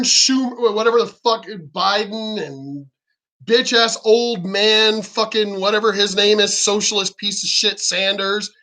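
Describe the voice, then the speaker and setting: Angry vlogger, profane, sarcastic, mid pitch. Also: sharp tone. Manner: profane, heated, sarcastic, mocks opponents in quoted voices. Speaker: political vlogger. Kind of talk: angry ranting commentary.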